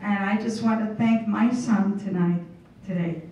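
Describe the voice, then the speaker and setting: A woman in her late thirties speaks from the heart as an honored student, emotional and earnest. Her voice is mellow and comes from well off the mic, washed in the long echo of a big hall. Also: medium pitch, fairly even intonation, measured pace. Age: 30s. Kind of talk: unscripted acceptance speech. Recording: echoey hall from far off, dull.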